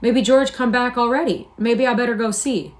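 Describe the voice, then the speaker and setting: A woman reading aloud and voicing a big, slow, childlike man who pleads and cries out when frightened. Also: a little high, voice pushed up, natural voice. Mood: upset, insistent. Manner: pleading, insistent, rising to cries.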